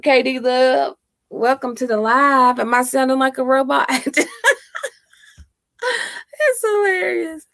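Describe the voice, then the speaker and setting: A woman with a mid-range, fairly bright voice hosts a casual home livestream, bantering, laughing and teasing viewers through her laptop microphone. The audio is studio quality with no echo.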